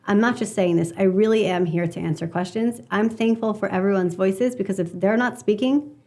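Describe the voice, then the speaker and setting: Woman, interview guest, earnest, animated, mid-pitch, chatty asides. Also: brisk. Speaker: guest, media strategist. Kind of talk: conversational interview storytelling.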